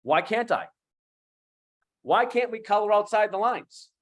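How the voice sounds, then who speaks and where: A man's voice: sits high, unhurried. Emphatic man in his fifties, Boston accent. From USA. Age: 50s. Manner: animated, emphatic, repeats key phrases. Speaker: guest coach. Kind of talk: online talk show interview.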